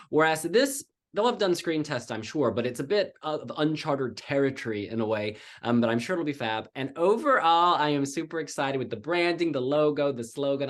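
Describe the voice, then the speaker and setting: A show host leading a casual discussion with an animated, emphatic way of talking. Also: medium pitch.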